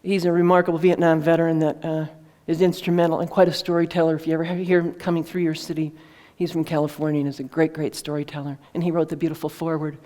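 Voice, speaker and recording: A woman's voice: low-pitched, level tone, fast talker, hardly any pauses, warm tone. A woman author telling a heartfelt story to an audience in an earnest, conversational way, with fillers and restarts. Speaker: author presenting her book.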